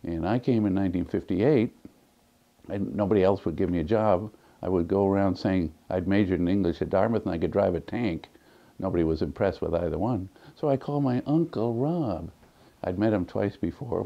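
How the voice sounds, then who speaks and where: A man's voice: deep voice, a little fast, highs cut off. A man in his seventies, an almanac editor, telling folksy anecdotes in a documentary interview, with plenty of fillers. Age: 70s.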